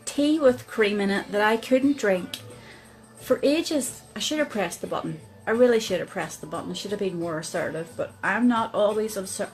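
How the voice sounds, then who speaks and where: A woman with a Northern Irish accent, telling a chatty personal story to camera as a vlogger, with many pauses and fillers. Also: medium pitch, rough recording. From Northern Ireland.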